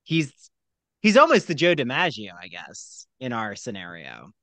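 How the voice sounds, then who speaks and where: A man chatting on a podcast about a show, his pitch bouncing all over and his tone bright and forward. He gushes, acts out lines and keeps the talk moving. The sound is close and dry. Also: a little slow, dry recording. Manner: animated, gushing, acts out quotes. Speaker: podcast co-host. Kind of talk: casual chat about a TV show.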